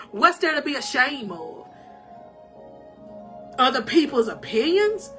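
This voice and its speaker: A woman with a high, bright, forceful voice delivers a live-stream pep talk as a life coach. Her manner is animated and emotional, with frequent laughter and preacherly call-outs to her viewers. Soft music plays faintly behind her. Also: slow.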